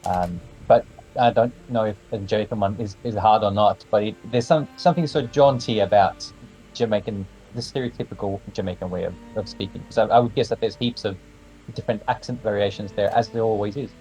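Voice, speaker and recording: A man's voice: lowish voice, fairly quick, dark tone, faint music behind, low-quality recording. A man from Sweden, chatting eagerly as a guest on a gaming stream and often restarting his words. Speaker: game composer, guest. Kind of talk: casual chat over a game session.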